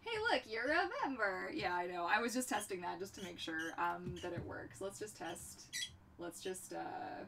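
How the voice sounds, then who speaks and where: A young woman hosting a casual livestream from her home workshop, chatting in an animated way and talking to her pets. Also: fairly low pitch, moderate pace, vocal fry. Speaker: livestream host. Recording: distant mic with background noise.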